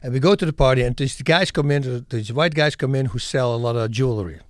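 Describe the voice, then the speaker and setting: A man telling lively stories and acting them out in a casual chat, laughing often. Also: mid-range voice, fairly quick, no room sound, studio quality. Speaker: guest, former fighter and actor. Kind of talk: casual storytelling.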